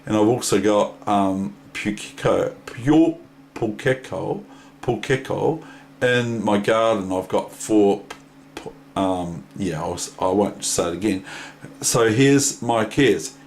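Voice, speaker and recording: A man with a New Zealand accent rambles through a casual chess lesson, hesitant and unstructured. He speaks slowly in a lowish voice. The room is echoey with faint noise. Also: a little mellow. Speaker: chess teacher.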